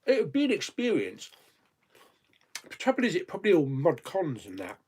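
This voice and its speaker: A man with a slightly husky voice hosts a relaxed live chat, reading viewers' questions aloud and answering them. His pitch swings around a lot as he talks, and he laughs easily. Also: normal speed. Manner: chatty, laughs often, reads viewer comments aloud. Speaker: host of a live chat stream.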